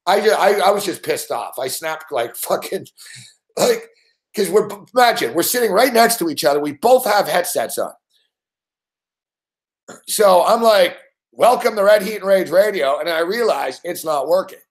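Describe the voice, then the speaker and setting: Profane, animated man telling a story. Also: high voice, normal speed. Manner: swears constantly, animated, laughs often. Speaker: sports betting show host.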